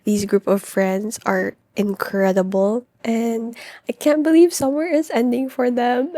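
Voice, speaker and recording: A woman's voice: a little high, steady tone, measured pace, mellow, no room sound. A young woman vlogging about books, emotional and gushing, her voice catching as she reacts. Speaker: book vlogger. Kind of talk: casual reading vlog talk.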